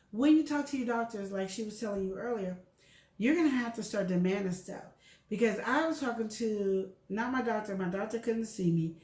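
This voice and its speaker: A medium-pitched woman in her middle years, heard in an echoey space, co-hosts a laid-back conversation about health. She shares openly and tells lively stories, voicing the dialogue herself.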